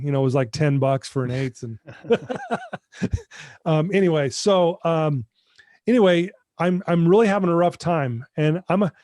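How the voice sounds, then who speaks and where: A middle-aged man with a slightly higher voice than most men tells a personal story as a podcast guest. His manner is earnest and heartfelt, and he often turns to speak straight to the host. The sound is dry and close, with almost no room in it. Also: darkish tone, no echo. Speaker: guest, addiction recovery mentor.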